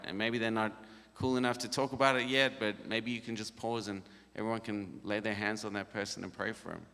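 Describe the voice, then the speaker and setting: A man's voice: on the low side, steady tone, fairly quick, few pauses, a bit bright. A middle-aged man leading a worship band workshop, talking casually and jokily with frequent laughter. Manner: easygoing and jokey, with frequent laughs. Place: conference hall. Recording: reverberant hall.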